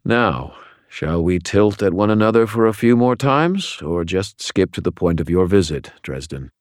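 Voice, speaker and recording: A man's voice: low-pitched, animated, clear, resonant tone, no room sound, clean studio sound. A man voicing a cool, formal crime boss. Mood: cool, courteous. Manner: formal, measured, unruffled. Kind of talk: audiobook character voice.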